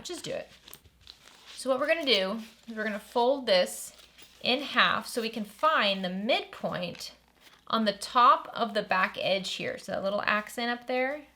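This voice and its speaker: Bright-voiced woman teaching a sewing project. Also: fairly high pitch. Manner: upbeat and chatty, enthusing over the project. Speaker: sewing tutorial host. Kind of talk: step-by-step sewing tutorial.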